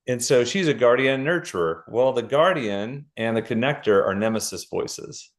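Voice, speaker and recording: Middle-aged man, energetic guest explaining a framework, casual interview talk. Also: medium pitch, moderate pace. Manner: energetic, explains with lists and examples. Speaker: guest author.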